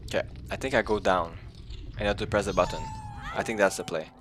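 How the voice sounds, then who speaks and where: A man's voice: fairly low pitch, quick pace, fairly bright tone, a little hiss or hum. A man streaming a video game, chatting loosely with his viewers and swearing freely as he rambles. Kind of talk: casual live-stream chat while gaming.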